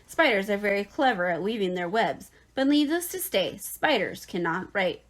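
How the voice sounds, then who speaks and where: A woman teacher reading a children's novel aloud in an expressive, lively way. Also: medium pitch, normal speed, hardly any pauses, poor audio.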